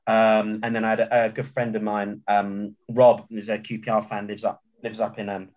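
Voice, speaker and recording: A man's voice: fairly low pitch, level tone, normal speed, darkish tone, muffled recording. A man talking football on a casual podcast, rambling and hesitant with many restarts. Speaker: podcast guest.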